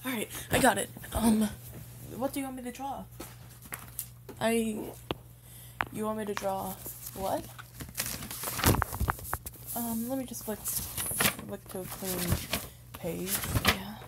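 A woman's voice: mid-range voice, slow, pauses often, very noisy. A young woman playing a shy, lonely undead young being in a role-play spoken to the listener, stuttering and hesitant.

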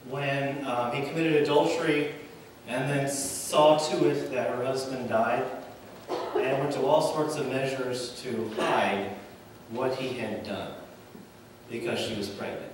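A male pastor preaching a sermon, with dramatic pauses and swells and drops in volume. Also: medium pitch, a little hiss or hum. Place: church sanctuary. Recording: echoey church hall from far off, faint ambience.

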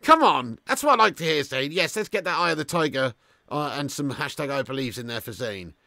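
The man hosting this live football watch-along speaks expressively and a little fast, with a creaky voice. He swears freely, veers between shouts and low mutters, and reads viewer messages on air. It's a dry, studio-quality recording.

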